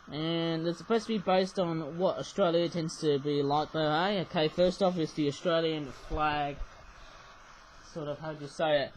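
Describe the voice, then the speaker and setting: A man's voice: on the high side, slight background noise, low-quality recording. Chatty rambling man reviewing toys. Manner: rambling, chatty, frequent "oh my goodness me" and "eh?". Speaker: toy reviewer. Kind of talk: casual toy review vlog.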